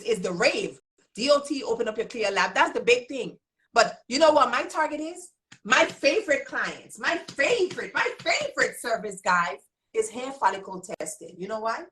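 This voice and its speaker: A woman's voice: fairly high pitch, sharp tone, poor audio. A woman business trainer hosting a live coaching talk with a Virgin Islands accent, repeating her points emphatically and calling her listeners y'all. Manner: emphatic and repetitive, drilling points home; folksy, addresses listeners as y'all.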